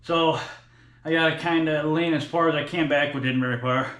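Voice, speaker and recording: A man's voice: on the high side, steady tone, normal speed, fairly bright tone. A man in his forties filming a workout vlog in a gym, breathless between sets and talking bluntly with plenty of swearing. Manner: profane, blunt, talks between sets with sighs. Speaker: fitness vlogger. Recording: echoey gym room.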